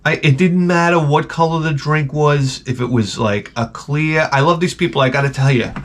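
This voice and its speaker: A man hosting his vlog, telling a profane comic story in an animated rant full of stammered restarts. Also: fairly high pitch, normal speed. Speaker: vlogger host.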